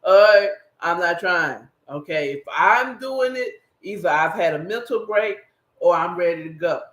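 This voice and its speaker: In an echoey room, a male podcast host talks directly to his audience in a casual solo commentary, rambling and emphatic. His high voice is expressive and fairly bright, and he keeps a measured pace.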